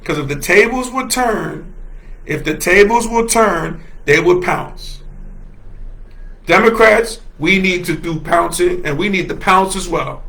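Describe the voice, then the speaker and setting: High, bright, gravelly-voiced passionate man. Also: expressive, a little slow. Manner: passionate, emphatic, laughs often, repeats phrases. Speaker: host. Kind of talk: solo livestream commentary reading chat comments.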